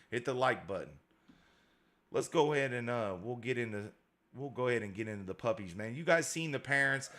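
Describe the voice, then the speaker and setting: A man's voice: fairly high pitch, fairly bright tone. A man hosting a casual livestream as a dog breeder, reading out viewer comments in a slangy, repetitive way.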